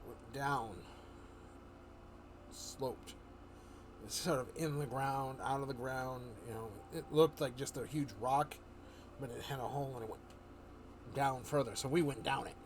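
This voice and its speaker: A man streaming live, telling a fantasy adventure story in a rambling, animated way, full of fillers and restarts. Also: medium pitch, unhurried, pauses often, background noise.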